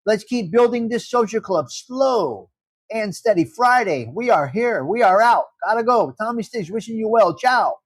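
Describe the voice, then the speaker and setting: A man's voice: sits high, animated, normal speed, breathy edge, no room sound. A man hosting a live morning chat show, talking brashly with plenty of swearing. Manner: brash, profane, bursts of laughter. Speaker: host.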